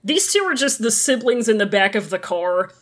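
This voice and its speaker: A woman's voice: fairly high pitch, big pitch swings, normal speed. A woman co-hosting a casual book discussion, giggly and swearing freely.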